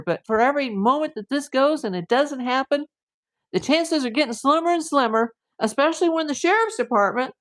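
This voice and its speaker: A woman from the USA hosts a live stream as a private investigator, talking straight to her viewers. Her voice sits a little high. She talks emphatically and indignantly, piling up rhetorical questions.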